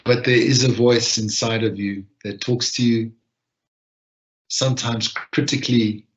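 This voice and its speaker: A man gently leading a guided reflection and breathing practice, talking in an unhurried way with long pauses. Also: mid-range voice, steady tone. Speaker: session leader. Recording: dull lo-fi online audio.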